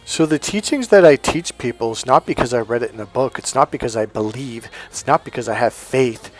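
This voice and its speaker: A man giving a casual spiritual monologue as a coach, animated and self-assured, often laughing at his own points. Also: medium pitch, fairly quick, faint music behind.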